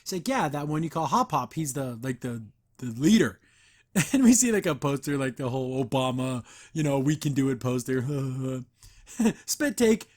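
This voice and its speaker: A man's voice: mid-range voice, very animated, moderate pace, a little mellow. A man hosting a podcast, casually recapping an episode and acting out the characters' lines. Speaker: podcast host.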